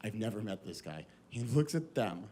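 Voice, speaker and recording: An American stand-up comedian tells a story at a comedy club, performing the voices of the people in it, his fairly low voice swinging widely in pitch at a moderate pace. The live stage recording carries slight background noise and loud laughter from the crowd.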